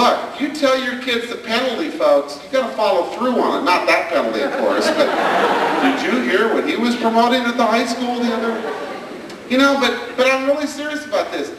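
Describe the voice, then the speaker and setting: Picked up from a distance by an audience member's camcorder in a big hall, this male comic acts out the people in his family-life stories. He speaks in a high-pitched voice over background noise.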